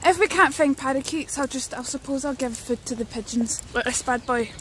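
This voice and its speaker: A young Scottish woman with a high voice chats excitedly to birds and her viewers while she walks through a park. She streams on a handheld phone, so there is clear noise behind her voice outdoors. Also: fairly quick. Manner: chatty and excitable, talking to birds and chat. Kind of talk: casual outdoor stream chat.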